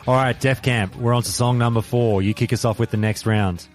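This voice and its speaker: A man hosting a podcast, relaxed as he prompts his guests and moves the talk along. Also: mid-range voice, brisk, faint music behind. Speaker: podcast host. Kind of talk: casual chat.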